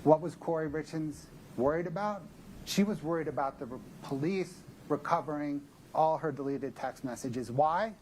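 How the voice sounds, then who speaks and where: A man giving a courtroom closing argument as prosecutor, speaking in a measured, methodical and emphatic way. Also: on the high side, a little mellow, a little hiss or hum.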